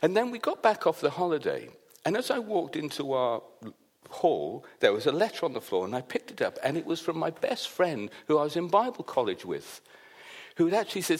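A man's voice: fairly high pitch, fairly quick, breathy edge. A man from Wales, a pastor preaching a sermon and telling a personal story while acting out what others said. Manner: animated storyteller, acts out the quoted voices.

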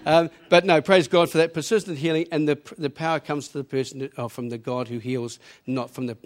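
A man's voice: a little high, fairly even intonation, a little fast. A man from New Zealand with a New Zealand accent, telling his story plainly to a church congregation. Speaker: church member giving testimony. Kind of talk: personal testimony.

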